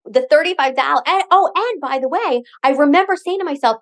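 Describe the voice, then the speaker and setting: A middle-aged woman co-hosting a podcast, telling a story in a chatty, animated way with lots of fillers. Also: high voice, a little fast, few pauses. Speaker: podcast co-host. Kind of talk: casual chat, storytelling.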